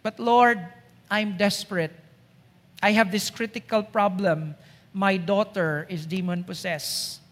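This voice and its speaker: Desperate begging mother played by a woman preacher, slow pleading delivery, hall echo. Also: fairly high pitch, steady tone, a bit bright.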